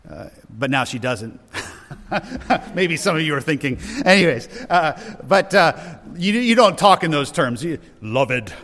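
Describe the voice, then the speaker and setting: A man's voice: fairly high pitch, big pitch swings, unhurried, a bit bright, a little hiss or hum. A pastor preaching a conversational sermon to his congregation, stopping to restart his sentences and make asides. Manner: conversational with self-interruptions and asides. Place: church sanctuary. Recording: hall reverb.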